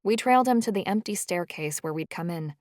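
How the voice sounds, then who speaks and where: Low-voiced woman narrating an audiobook. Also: dry recording, clean studio sound. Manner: even, measured storytelling. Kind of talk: scripted first-person narration.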